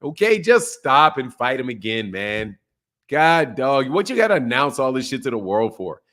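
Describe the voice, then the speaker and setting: This boxing livestream host has a very animated mid-range voice at normal speed. He greets people in chat by name, laughing, cursing and mocking in loose, slangy banter.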